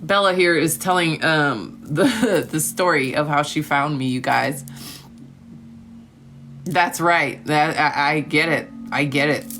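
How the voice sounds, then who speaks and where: A woman with a twang talks to her live-stream viewers into a phone, calling them honey and darling. Her voice is bright, and faint music plays behind her. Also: low-pitched, takes it slowly. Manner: spiritual talk of gratitude and trust.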